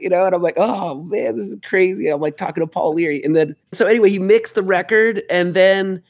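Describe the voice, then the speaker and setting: A man's voice: high voice, steady tone, fairly quick. A man, a musician being interviewed, talking in a rambling, casual way with many fillers. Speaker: musician guest.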